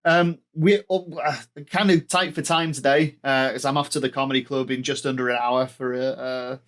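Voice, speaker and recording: A man's voice: mid-range voice, steady tone, moderate pace, fairly bright tone. Upbeat man co-hosting. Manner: upbeat, agreeable, guides the conversation. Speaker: podcast co-host. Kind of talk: casual chat.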